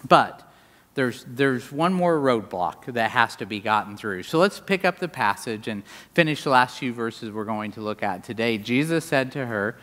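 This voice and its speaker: A man preaching a sermon in a church, animated, with wide swings in pitch and volume. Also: normal speed. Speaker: pastor. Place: large church sanctuary. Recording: long hall reverb.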